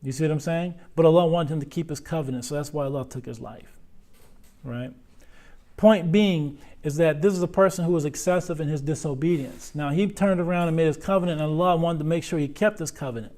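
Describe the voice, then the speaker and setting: Conversational male religious teacher, fairly high. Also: brisk, warm tone. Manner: conversational, asks the class questions and tags lines with "right?". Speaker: Islamic teacher. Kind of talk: religious lesson to a class. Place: lecture room.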